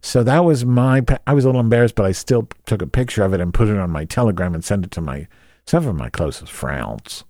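A man's voice: fairly low pitch, lively intonation, fast talker, a little mellow, no echo, studio quality. A man telling a rambling comic story, crude and sarcastic, often going off on tangents.

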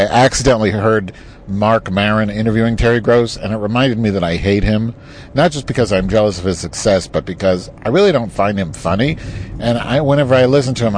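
Low voiced guy cussing and rambling in his car into a phone mic. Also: darkish tone, a little hiss or hum. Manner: profane, rambling rant. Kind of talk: casual monologue. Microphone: clip-on mic attached to a phone.

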